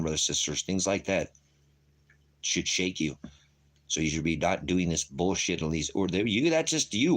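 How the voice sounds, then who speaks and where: A man with a very low, deep voice delivers a rambling livestream rant as a preacher. His talk is profane and restless, full of restarts, and he keeps calling his listeners brothers and sisters. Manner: restless, jumps between topics with restarts. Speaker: streaming preacher addressing viewers.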